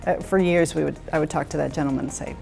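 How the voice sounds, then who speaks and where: Middle-aged woman, low and gravelly, candid reflective interviewee, soft music bed. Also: steady tone, fast. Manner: reflective, candid, with frequent restarts. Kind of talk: interview storytelling.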